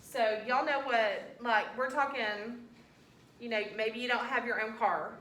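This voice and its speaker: Lady teacher quizzing kids, kinda high voice, echoey room, picked up from far off. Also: unhurried. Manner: animated, coaxing, quizzing students with questions. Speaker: elementary school teacher. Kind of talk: classroom teaching. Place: classroom, indoors.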